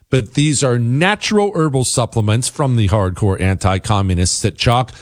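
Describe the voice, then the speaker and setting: A man's voice: medium pitch, expressive, normal speed, few pauses, dry recording, clean studio sound. A man hosting a talk radio show, reading headlines and ads in a sarcastic, emphatic way. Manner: sarcastic, emphatic, jumps between loud and hushed. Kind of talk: talk radio monologue with ad reads. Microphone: studio microphone.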